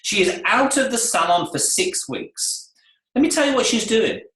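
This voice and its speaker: A man coaching salon staff in a lively seminar, often acting out the voices of clients and staff. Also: sits high, normal speed. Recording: echoey room.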